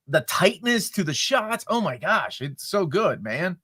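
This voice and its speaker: Bright, lively enthusiastic man co-host. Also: high voice, a little slow, breathy edge. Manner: enthusiastic, emphatic. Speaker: co-host and film teacher. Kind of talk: casual film discussion.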